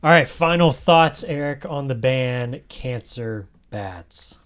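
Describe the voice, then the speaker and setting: A man hosting a casual podcast chat, jokey and animated, often dropping into whispered asides. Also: mid-range voice, takes it slowly, clear, resonant tone. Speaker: podcast host.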